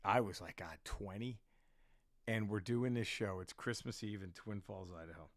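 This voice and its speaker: A man's voice: fairly low pitch, moderate pace, no room sound, clean studio sound. A man, a comedian, telling a story casually in a rambling, profane way, with many restarts.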